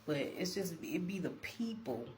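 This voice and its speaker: A woman telling a workplace story straight to her viewers in a casual storytime vlog, emphatic and animated, slipping into preachy encouragement. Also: lowish voice, a little slow. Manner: emphatic, animated retelling, keeps addressing viewers. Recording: steady background hum.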